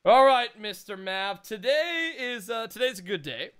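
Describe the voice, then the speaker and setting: A young man talks through a gameplay session in an excitable, rambling, jokey way. His voice sits high and sounds bright and edgy. Every word comes through smooth and clean. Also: moderate pace. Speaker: gaming channel host. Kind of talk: casual gameplay commentary.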